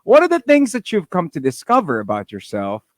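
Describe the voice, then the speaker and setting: A man's voice: fairly high pitch, huge pitch swings, a little fast, dry recording, studio quality. A man hosting a radio show, asking questions in an encouraging way as the interviewer. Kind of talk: casual interview.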